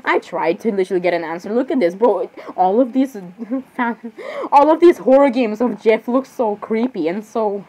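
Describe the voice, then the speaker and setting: A young woman giving excitable, dramatic casual commentary, often repeating exclamations and laughing. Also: on the high side, normal speed. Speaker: narrator voicing characters.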